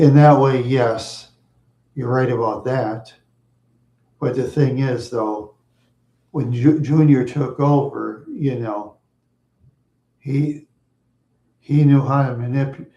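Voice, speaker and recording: A middle-aged man talks in a loose, rambling way, chuckling often as he drifts through asides. His voice is dark and mellow. The room around him is echoey. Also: medium pitch. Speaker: streamer answering viewers. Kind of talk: casual rambling chat.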